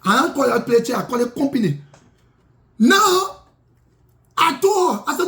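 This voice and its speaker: A man's voice: very high-pitched, big pitch swings, moderate pace, long pauses, a bit bright. A self-styled prophet, a man, telling his grievances in an indignant, repetitive monologue with broken grammar. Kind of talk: impassioned spoken monologue.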